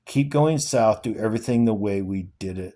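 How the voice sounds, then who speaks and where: A man reading aloud and voicing a dying father who gently urges his son on. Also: lowish voice, normal speed, close to an everyday voice. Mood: tender. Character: dying father, weary, tender and steadfast.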